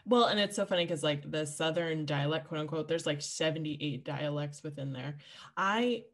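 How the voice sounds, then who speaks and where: Low-voiced talkative woman co-host. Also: normal speed. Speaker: podcast co-host. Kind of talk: casual chat.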